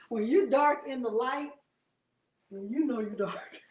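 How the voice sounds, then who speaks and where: A high-pitched woman runs a live crafting demo from home. She keeps up a chatty, friendly patter, laughing often and addressing her viewers directly. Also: slow, a little mellow, a little hiss or hum. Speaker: craft livestream host.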